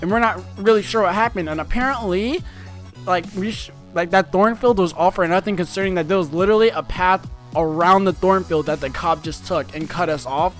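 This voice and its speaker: A man's voice: high-pitched, a little fast, faint music behind. A young man telling a personal story to his viewers in a rambling, casual way, full of fillers and restarts. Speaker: vlogger.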